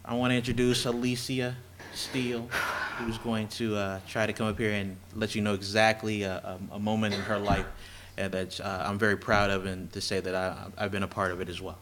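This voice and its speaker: A man giving a joking, halting introduction of his wife at a campus event. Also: on the low side, level tone, background noise. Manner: joking, halting delivery with many fillers. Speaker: presenter's husband introducing her. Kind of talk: introduction speech at a public event.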